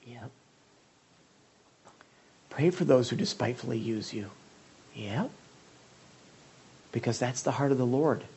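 A man delivers a sermon with a husky, breathy edge. He preaches in a lively, talk-to-the-congregation manner, stumbling over and repeating words, then bursting into loud, emphatic lines. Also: medium pitch, measured pace, long pauses. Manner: animated preaching with conversational asides and emphatic outbursts; frequent restarts and repeated words. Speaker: pastor.

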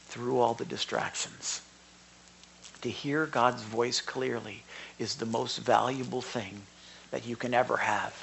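A man teaching from the Bible in a conversational sermon, earnest, swinging from loud rhetorical questions to hushed asides. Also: mid-range voice, gravelly, slight background noise.

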